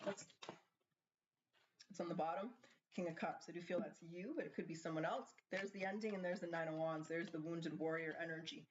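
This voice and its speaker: A woman's voice: on the low side, fairly even intonation, a little fast, noisy background. A woman doing a casual tarot card reading, chatting and thinking aloud as she asks the cards questions. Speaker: tarot reader. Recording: slightly dull lo-fi sound.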